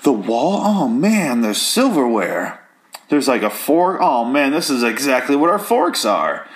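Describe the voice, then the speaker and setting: A man's voice: mid-range voice, big pitch swings, unhurried, pitched above the performer's own voice. A man acting out an awestruck man gushing over every object in a replica house, in breathless exclamations. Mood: amazed.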